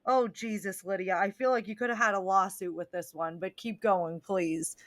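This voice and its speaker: A woman's voice: medium pitch, steady tone, moderate pace. A woman hosting a podcast who reacts emphatically while interviewing her guest. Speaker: podcast host. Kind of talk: conversational interview.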